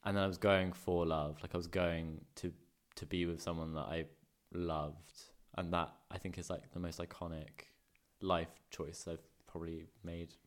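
Low-voiced man, relaxed chat. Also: moderate pace. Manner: relaxed, searching for words. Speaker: podcast co-host. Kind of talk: casual chat. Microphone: podcast microphone.

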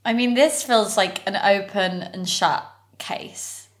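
Brief: young British woman, podcast co-host, chatty and giggly, filler-heavy, mid-pitched voice. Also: takes it slowly. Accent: British English. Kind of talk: casual chat.

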